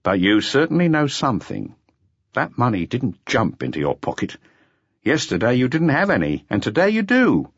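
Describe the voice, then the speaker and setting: A man's voice: medium pitch, huge pitch swings, normal speed, slightly rough, no room sound, pitched above the performer's own voice, full character voice. A man voicing an impatient middle-aged police chief inspector, interrogating bluntly and at times coaxing like a father. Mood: gruff coaxing. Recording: slightly dull lo-fi audiobook recording.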